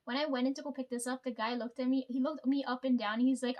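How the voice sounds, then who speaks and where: A woman's voice: high voice, fairly even intonation, fast talker, hardly any pauses, darkish tone. A young woman with a sore throat, telling a story in a casual vlog at home, swearing freely and laughing often. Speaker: vlogger. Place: at home, sitting before camera.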